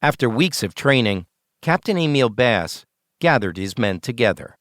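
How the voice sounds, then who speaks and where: A man hosting and narrating a documentary podcast in a measured, plain storytelling voice. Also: mid-range voice, big pitch swings, a bit bright, no room sound, studio quality.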